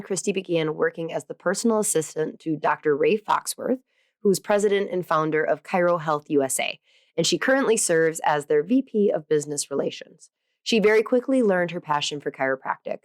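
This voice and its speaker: A chatty woman hosts a podcast in a casual, bubbly monologue. Her voice sits a little low and sounds close and dry, and she peppers her talk with fillers and self-deprecating asides. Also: no room sound. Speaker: podcast host.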